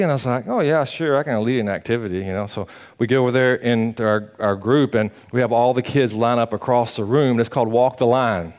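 Pastor, male, folksy and animated sermon storyteller. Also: mid-range voice, a little fast, hardly any pauses. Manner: animated, folksy, acts out quotes.

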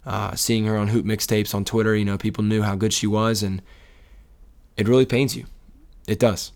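Give me a low-voiced man talking sports, emotional and rambling. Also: level tone, moderate pace, a little mellow. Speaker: sports podcast co-host. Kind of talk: casual sports talk.

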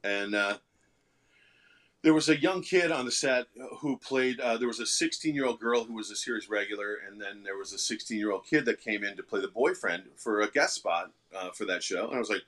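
Low-voiced man telling rambling stories. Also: brisk, fairly bright tone. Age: middle-aged. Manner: rambling, self-deprecating, many fillers. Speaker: actor and guest. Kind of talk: casual interview storytelling.

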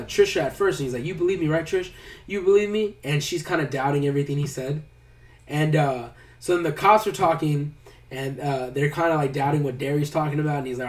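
Animated man retelling a movie. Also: on the high side. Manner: animated storyteller who acts out characters' lines. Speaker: podcast co-host recapping a movie. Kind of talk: casual chat. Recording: roomy, from a distance.

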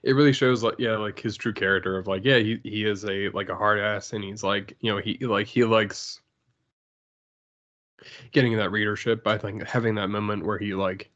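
Man, halting casual talk, lots of fillers, dull lo-fi recording. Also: fairly low pitch, steady tone, fairly bright tone. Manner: halting, many fillers and restarts, laughs often. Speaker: podcast co-host. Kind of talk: casual comic-book chat. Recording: dull lo-fi sound.

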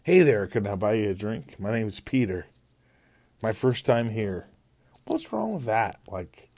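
A man hosting his own podcast, rambling and halting as he talks, swearing freely, with dry self-deprecating humor. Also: low voice, vocal fry, darkish tone. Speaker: podcast host. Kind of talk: casual solo podcast monologue.

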